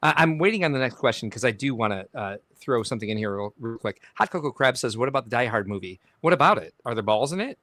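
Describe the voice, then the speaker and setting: Lively male podcast host reading comments. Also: medium pitch, fast talker, few pauses, no echo. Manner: animated, chuckles while reading comments aloud. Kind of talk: casual livestream chat reading viewer comments.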